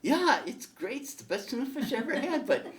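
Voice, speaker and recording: A man's voice: extremely high pitch, sing-song, brisk, pitched above the performer's own voice. A man voicing a puzzled, ordinary old man in heaven who complains about his meals. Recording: voice picked up from a distance.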